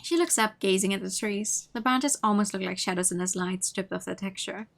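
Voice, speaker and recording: A woman's voice: medium pitch, fairly quick, vocal fry. Woman narrating a game on stream. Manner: expressive narration with laughs and asides. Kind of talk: reading a visual novel aloud on stream.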